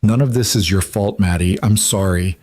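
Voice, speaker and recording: A man's voice: low voice, normal speed, a little mellow, no room sound. A man voicing a frightened, tender young single father in a storybook, talking tight and urgent. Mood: anguished.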